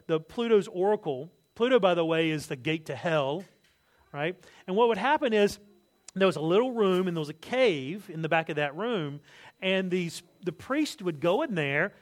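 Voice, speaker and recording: Animated, higher-voiced preacher man. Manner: animated storytelling, acts out quotes, asides and jokes. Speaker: pastor. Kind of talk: sermon.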